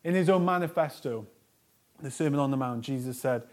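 A man preaching a sermon as a pastor, earnest, stressing repeated lists and moving between a soft, low voice and loud emphasis. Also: brisk.

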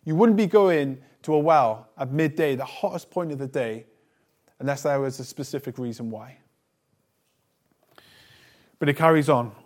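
A man delivering a sermon in a slightly higher-pitched voice. He reads scripture aloud and then unpacks it in a conversational tone with the odd light aside, and his phrases often fall away softly at the end. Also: moderate pace, long pauses. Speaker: preacher. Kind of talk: sermon with Bible reading.

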